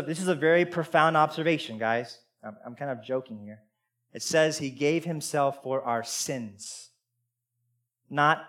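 A man delivers a sermon with raw intensity. He drops into quiet, almost confiding asides, then surges into emotional shouts, talking to his listeners as "guys" and "y'all.". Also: fairly high pitch. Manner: intense, emotional preaching with sudden loud outbursts. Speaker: preacher.

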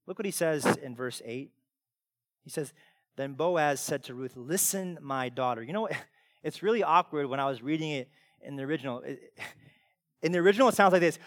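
A pastor preaching a sermon with emphatic delivery that swings from loud to hushed. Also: male voice, a little high, expressive, normal speed, no room sound, clean studio sound.

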